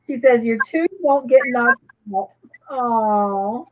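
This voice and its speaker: A woman's voice: on the high side, takes it slowly, phone-quality sound, a little hiss or hum. A woman co-hosting a live crochet show, chatting casually and reading viewers' comments aloud with gushing reactions.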